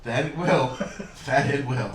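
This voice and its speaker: A young man co-hosting a casual chat show reads out a cast list, adding dry jokes along the way. His voice is medium in pitch and unhurried. He sits far from the mic in an echoey room, so he sounds off-mic.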